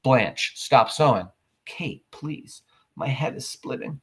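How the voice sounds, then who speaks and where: A man reading the part of a weary thirty-eight-year-old aunt who has a headache and speaks in a quiet, strained way. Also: mid-range voice, expressive, slow.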